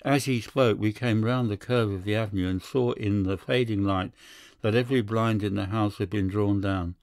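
Male audiobook narrator, measured storyteller, lowish voice, dry close recording. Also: steady tone, a little mellow, dry recording. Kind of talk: scripted narration.

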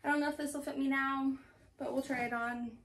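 A woman's voice: high voice, fairly even intonation, a little fast, a bit bright, far from the mic, a little hiss or hum. A young woman chatting casually at home about her thrift haul, rambling and laughing often. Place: home room.

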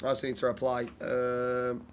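A man's voice: medium pitch, monotone, normal speed, a little hiss or hum. A man streaming a roleplay game, chatting casually with other players and thanking viewers. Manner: laid-back, chats with viewers, thanks subscribers. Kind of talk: casual gaming chat and roleplay.

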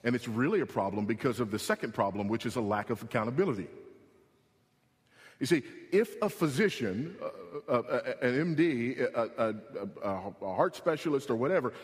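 A man preaching a sermon as pastor, emphatic, repeating his key points and rising in pitch when he presses them. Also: expressive, normal speed. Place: church sanctuary. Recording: long hall reverb.

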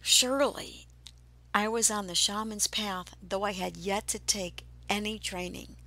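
A woman hosting a podcast, telling a personal spiritual story in a slow, hushed way that often drops to a breathy whisper. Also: medium pitch, fairly even intonation, dry recording. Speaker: podcast host.

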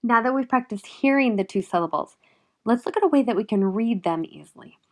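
Her voice slightly high and full of expression, a woman teaches phonics to small children at a somewhat quick pace. She sounds out letters and syllables, coaxing them along patiently and gently.

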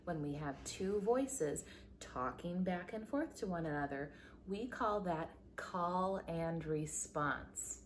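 A woman music teacher giving a recorded lesson to young children, with an animated sing-song delivery, big pitch leaps and slow, encouraging explanations. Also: a little hiss or hum.

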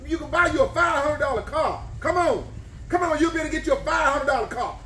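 A man loudly cheering on an eating challenge in a restaurant, whooping and repeating himself. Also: extremely high pitch, fast, far from the mic. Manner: excited, repetitive hollering and whooping. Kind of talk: loud cheering commentary. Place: bar and grill dining room. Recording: echoey restaurant room.

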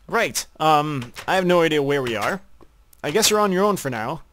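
A man's voice: on the high side, lively intonation, normal speed, a bit bright, a little hiss or hum. A man playing a co-op game with friends, teasing them, swearing and mock-narrating the action. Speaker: gamer playing a co-op map. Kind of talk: casual gaming commentary.

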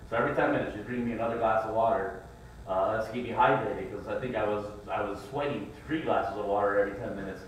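A man's voice: fairly low pitch, steady tone, fast, a little hiss or hum. A middle-aged man preaching a sermon, telling folksy family stories and acting out his children's whining. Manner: folksy storytelling, acts out his kids' whining voices. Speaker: pastor. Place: church sanctuary. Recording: echoey church room, mic at a distance.

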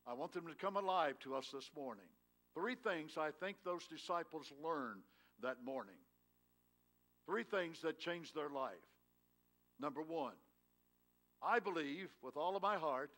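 Folksy preaching man, fairly high voice. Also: expressive, moderate pace, pauses often, fairly bright tone. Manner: folksy storytelling preaching, rises with emphasis. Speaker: pastor. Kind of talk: sermon. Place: church sanctuary.

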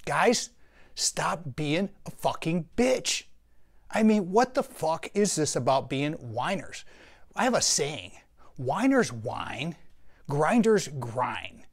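A man's voice: a little high, lively intonation, slow pace, creaky. An older man giving blunt, profane motivational advice to other men in a rant. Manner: blunt, crude, preachy.

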